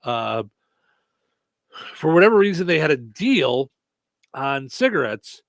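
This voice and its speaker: A man's voice: fairly high pitch, big pitch swings, a little slow, no room sound. A man hosting a show, telling stories in casual chat, full of hesitant fillers. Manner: chatty storyteller, hesitant fillers. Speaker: show host.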